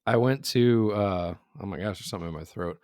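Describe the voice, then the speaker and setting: Laughing low-voiced male podcast co-host. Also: fairly quick, a little mellow, no echo, studio quality. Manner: laughs through his stories, acts out quoted voices. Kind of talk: casual chat.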